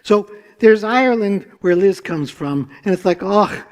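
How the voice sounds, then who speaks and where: A man's voice: sits high, lively intonation, unhurried, a little mellow. A man in his sixties telling stories on stage to a live audience, chatty and drawing the crowd in with questions. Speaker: storyteller. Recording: long reverb from a large hall.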